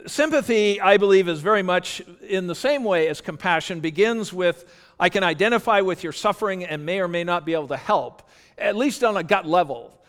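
A man's voice: sits high, animated, a little fast, a bit bright. A man preaching a sermon as pastor, earnest and conversational, often restarting his sentences. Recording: long hall reverb.

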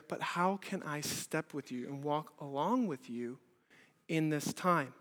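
A pastor preaching an earnest sermon at a church service, asking many rhetorical questions and moving between loud and hushed delivery. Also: male voice, on the high side, measured pace. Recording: reverberant hall.

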